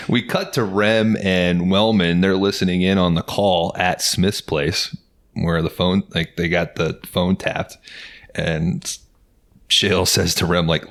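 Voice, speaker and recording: A man's voice: sits low, level tone, slow. A man hosting a podcast, casually recapping a movie in a laid-back, profane way. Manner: laid-back, profane, acts out quotes with laughs. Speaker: podcast host.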